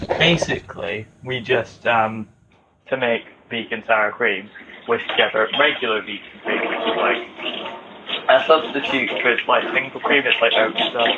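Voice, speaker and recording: A man's voice: medium pitch, fairly even intonation, moderate pace, muffled recording, very noisy. A man in casual kitchen banter as a podcast co-host, joking and swearing casually.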